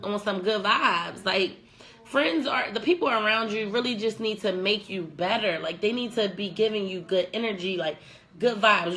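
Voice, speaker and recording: Young woman vlog host, blunt and profane, bright forward voice. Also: mid-range voice. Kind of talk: casual advice vlog.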